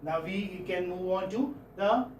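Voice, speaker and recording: A man with an Indian English accent teaching phonetics in a classroom, often repeating words and checking with his students. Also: sits high. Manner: pauses often, repeats words, checks understanding with "hmm?" and "okay?". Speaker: English professor. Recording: echoey room from far off, faint noise.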